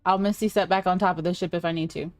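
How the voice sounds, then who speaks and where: A woman player talks through her character's moves in quick, eager bursts. Her voice sits on the low side, with faint music playing behind her. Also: steady tone. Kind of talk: tabletop game chat.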